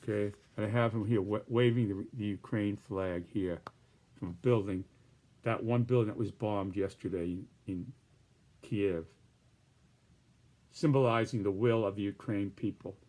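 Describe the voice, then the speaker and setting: A man's voice: on the low side, steady tone, unhurried, a little mellow. A man presenting his political cartoons in casual, rambling commentary with many restarts and hedges.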